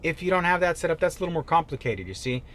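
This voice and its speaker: A man giving a motivational sales-coaching talk, emphatic and animated, jumping from loud bursts to quiet asides. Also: a little high, racing. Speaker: real estate sales coach.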